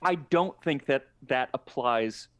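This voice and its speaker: Man, podcast guest, thoughtful explainer, mid-pitched voice, dry close mic. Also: slow, fairly bright tone, clear, resonant tone, dry recording. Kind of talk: casual podcast chat.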